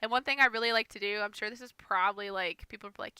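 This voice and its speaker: Chatty bright-voiced young woman. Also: medium pitch, steady tone, fast talker, hardly any pauses, clean tone, no echo. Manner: chatty, rambling, self-conscious. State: a little nervous. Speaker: gaming streamer. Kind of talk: casual gameplay voiceover commentary.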